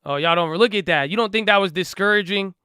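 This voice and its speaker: A man with a high, bright and clear voice talks straight to his viewers about investing. He is animated and emphatic, leaning on slang and firing back at critics. The sound is dry and close. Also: quick pace, no echo. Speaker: investing vlogger. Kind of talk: casual excited talk to viewers.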